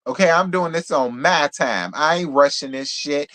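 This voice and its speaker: Man, fairly high voice, sassy, blunt live recap. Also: normal speed, a bit bright. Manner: sassy, blunt, talks straight to viewers. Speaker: reality show reviewer. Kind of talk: live stream recap chat.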